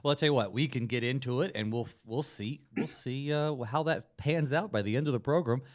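A man's voice: mid-range voice, fairly quick, no room sound, studio quality. A man, a pastor, hosting a radio Bible study show and chatting with fillers and restarts.

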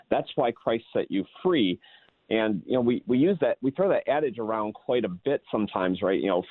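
A male pastor with a lowish voice explains a Bible verse earnestly, pausing often on fillers. His sound comes through a thin, phone-like band. It is dry, with no room echo. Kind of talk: casual Bible study discussion. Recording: tinny phone-like line.

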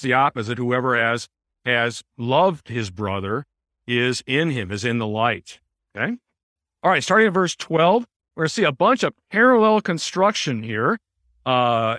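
A man teaching a Bible class in a room with a small group, explaining in a conversational way and often pausing to put questions to the class. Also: mid-range voice, sharp tone, no echo, clean studio sound. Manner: explanatory, asks the class questions, many uh fillers.

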